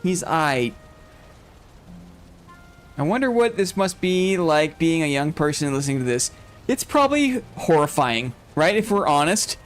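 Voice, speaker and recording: High-voiced rambling man chatting on stream. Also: big pitch swings, moderate pace, soft background music. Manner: rambling, self-interrupting, laughs often. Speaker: streamer host. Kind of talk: casual chat while gaming, reading chat.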